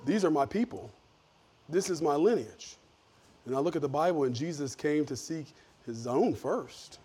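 Middle-aged pastor, male, slightly raised voice, folksy sermon storyteller who swings between quiet and loud. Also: fairly high pitch, lively intonation, normal speed, breathy edge.

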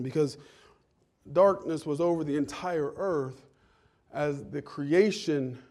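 A man preaching a sermon, swinging from hushed low lines to loud cries, with dramatic pauses.

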